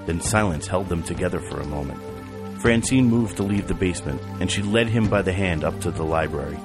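A man narrating an audiobook in an even, measured reading style. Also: low-pitched. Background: music and rain.

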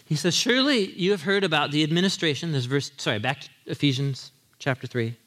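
A man preaching a sermon, telling the story with animated quoted voices and asides to the congregation. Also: fairly quick, hardly any pauses. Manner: animated storytelling, acting out quotes with big pitch jumps; asides with audience, laughing. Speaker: pastor.

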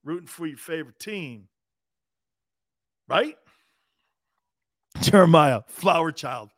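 A brash sports talk host with a high-pitched voice, needling his viewers and swearing freely. He sounds combative but playful as he answers comments live. The recording is dry, with no room sound. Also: lively intonation, takes it slowly, no room sound. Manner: brash and profane, talks straight to viewers.

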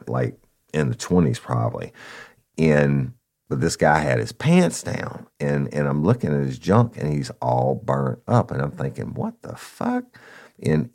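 Very deep-voiced man telling a story. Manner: conversational, addresses listeners as y'all, animated retelling. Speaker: former police officer telling a story. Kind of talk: casual storytelling.

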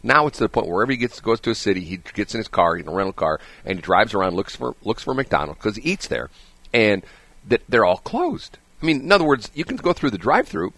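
This morning radio host has a fairly low voice and chats casually in a studio, telling rambling, animated stories with chuckles. There's no echo.

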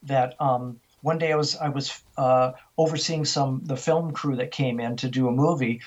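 An older man recounts a haunting as an interview guest, jumping into the voices of the people he quotes. His voice is husky and a little breathy. The sound comes through dull and lo-fi, like a phone line. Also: mid-range voice, moderate pace. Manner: animated storyteller, acting out quoted voices. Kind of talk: storytelling in a radio interview.

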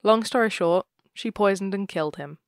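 A woman's voice: mid-range voice, normal speed, dry recording, clean studio sound. A woman co-hosting a podcast, chatting casually and laughing often as she retells a ghost story. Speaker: podcast co-host.

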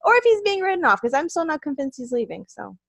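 A woman's voice: high-pitched, big pitch swings, quick pace, creaky, no room sound. A woman co-hosting a casual chat, easygoing, recapping events and laughing often.

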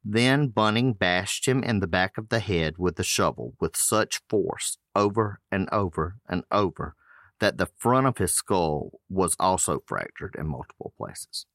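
A man's voice: low-pitched, expressive, measured pace, a bit bright, dry recording, clean studio sound. A man hosting a podcast, reading case notes aloud with loose casual asides. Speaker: podcast host.

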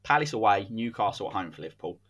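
A man's voice: on the low side, lively intonation, fast talker, a bit bright, lo-fi sound. A man, hosting a podcast and telling a football story in a casual, dramatic way. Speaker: podcast host.

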